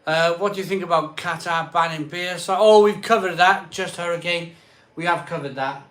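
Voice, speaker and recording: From a cold home conservatory bar, a man livestreams and reads viewer comments in a rambling, chatty way, often repeating himself. His voice is a little high and fairly bright, at normal speed.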